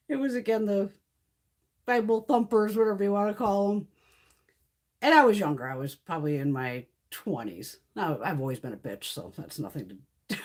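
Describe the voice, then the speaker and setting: A woman's voice: mid-range voice, a little mellow. A middle-aged woman hosting a makeup live stream, telling blunt, heavily profane stories and laughing through them in casual chat.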